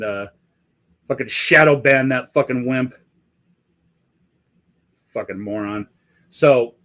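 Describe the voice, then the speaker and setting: A man's voice: mid-range voice, a bit bright. A middle-aged man hosting a live stream, chatting loosely and swearing in nearly every sentence after a few drinks. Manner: profane, rambling, swears constantly. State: has been drinking. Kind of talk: casual live-stream chat.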